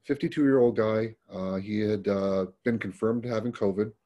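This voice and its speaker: Appearing as a guest, a middle-aged man who works as a paramedic shares work stories conversationally and plainly, restarting often. He speaks at a normal speed in a lowish, warm voice.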